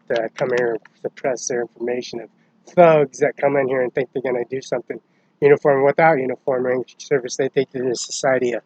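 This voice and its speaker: A man's voice: mid-range voice, dry recording, rough recording. An agitated man delivering a rambling, profane complaint that jumps from topic to topic.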